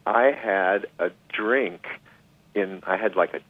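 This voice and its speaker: A middle-aged man, a guest musician, telling a story in a casual interview, animated and full of restarts and asides. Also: lowish voice, slow, no room sound. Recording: dry tinny phone line.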